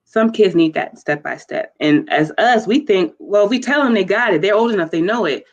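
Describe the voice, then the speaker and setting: Woman, mother, guest, earnest testimony, mid pitch, dull lo-fi audio. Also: expressive, a little fast. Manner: earnest, heartfelt, warm storytelling. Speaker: guest, mother of children with special needs. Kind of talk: personal testimony in a talk show interview.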